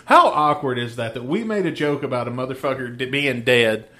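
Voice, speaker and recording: A man's voice: medium pitch, fairly quick, fairly bright tone. A man co-hosting a podcast, telling stories in casual chat, swearing and laughing often while chewing gum. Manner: profane, laughing storyteller. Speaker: podcast co-host.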